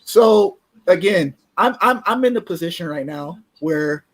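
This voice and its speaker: A man co-hosting a casual sports podcast, relaxed and chatty, sometimes tripping over his words. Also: on the high side, measured pace. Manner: relaxed, chatty, laughs easily, stumbles on words. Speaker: podcast co-host. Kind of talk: casual sports talk, mock draft.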